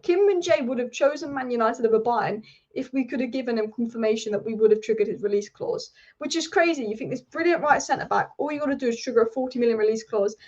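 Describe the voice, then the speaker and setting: A woman's voice: on the high side, highs cut off. A woman hosting a live football show, ranting passionately and repeating points for emphasis. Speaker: football channel host.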